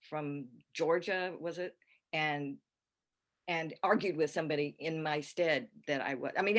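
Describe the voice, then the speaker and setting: An older actress, a guest on a podcast, chatting casually and rambling warmly through her stories with restarts and easy laughter. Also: low voice. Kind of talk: casual podcast interview chat.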